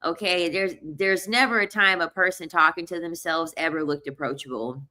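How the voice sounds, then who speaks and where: Young woman vlogger, lower-pitched but bright, animated and chatty. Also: moderate pace. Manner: animated, repeats herself, laughs often. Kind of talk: casual storytelling monologue.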